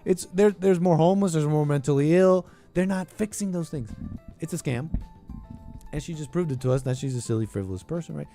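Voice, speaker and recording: A man's voice: a little high, a little fast, mellow, soft background music. An American man hosting a political commentary show, ranting in a sarcastic, mocking, scornful way.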